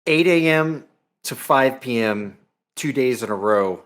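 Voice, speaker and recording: A man's voice: mid-range voice, animated, unhurried, a bit bright, clean tone. A man talking as a podcast guest in casual chat, easygoing with many fillers. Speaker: guest, reviewer.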